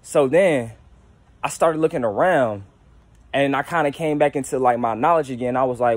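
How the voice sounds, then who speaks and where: A man's voice: mid-range voice, normal speed, no room sound. A young man talking casually and candidly to his viewers at home, slangy and rambling with frequent restarts. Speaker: YouTuber. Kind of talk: casual spiritual monologue to camera.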